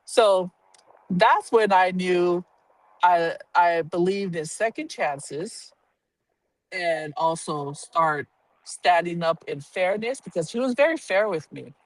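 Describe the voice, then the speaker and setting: This prison union representative has a fairly low, expressive voice and takes her time, captured in a dry recording. She shares a personal story with earthy candor, cursing openly and poking fun at herself with laughter.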